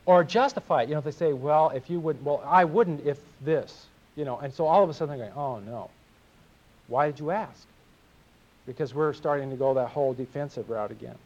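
A man's voice: a little high, a little mellow, dull audio. A middle-aged man preaching a sermon in an earnest, confessional way, often repeating words as he speaks.

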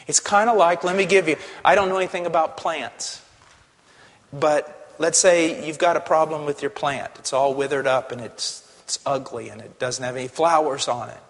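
A male pastor preaching a sermon, passionate, dropping to a hush and then rising to a shout. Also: a little high, moderate pace. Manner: impassioned, swings from hushed to shouting. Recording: long hall reverb.

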